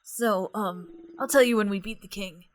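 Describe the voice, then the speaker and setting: A woman's voice: mid-range voice, normal speed, a little hiss or hum, natural voice. A woman voicing an awkward, friendly young man in a game playthrough, hemming and hawing.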